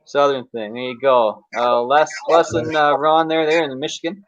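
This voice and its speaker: A Canadian man hosting a pool tournament livestream, relaxed and joking, with many fillers. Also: on the high side, normal speed, no echo, muffled recording. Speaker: tournament host. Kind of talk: livestream commentary.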